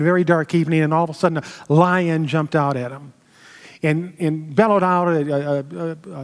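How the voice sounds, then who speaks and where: A man minister giving a sermon, telling a story in a slow, measured way with pauses. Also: fairly high pitch. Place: temple sanctuary. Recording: long hall reverb.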